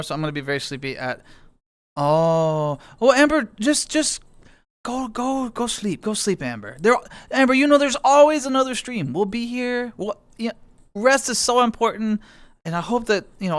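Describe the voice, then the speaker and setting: A man's voice: high voice, fairly bright tone, no room sound. A tired man in casual live-stream chat, playfully greeting his viewers one by one and joking at his own expense. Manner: goofy, self-mocking. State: tired, lower energy. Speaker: livestreamer.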